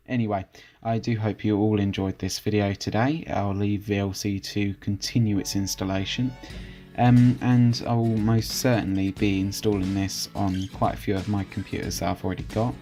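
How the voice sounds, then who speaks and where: A young man who hosts a software review channel talks casually over a screen recording, his lowish voice steady, mellow, and at a normal speed. He's chatty and easygoing, often hesitating and restarting sentences, while faint music plays underneath.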